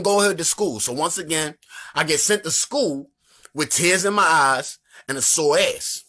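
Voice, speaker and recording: Here a Baltimore, Maryland comedian with the city's accent delivers a conversational, foul-mouthed storytelling monologue. His voice is high and bright, with a forceful tone.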